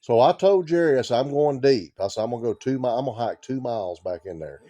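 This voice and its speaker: Mellow, lively-voiced man chiming in. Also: medium pitch, fast, no echo. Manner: prompts the story and chimes in with his own details. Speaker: hunting partner. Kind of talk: casual chat.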